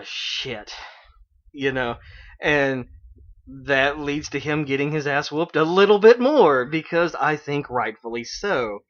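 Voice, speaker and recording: A man's voice: fairly high pitch, a bit bright. A man hosting an internet radio show, casually recapping an anime episode in a rambling way with lots of fillers. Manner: rambling, with many fillers and quoted character lines. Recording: dull lo-fi online radio stream.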